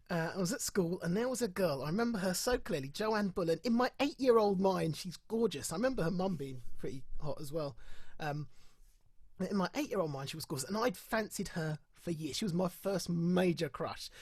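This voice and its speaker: Man, middle-aged, husky voice, dry sound, candid storyteller, laughs often. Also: sits high, no echo. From England. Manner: candid, laughs often, repeats phrases for emphasis. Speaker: speaker at an online festival. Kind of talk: personal storytelling talk.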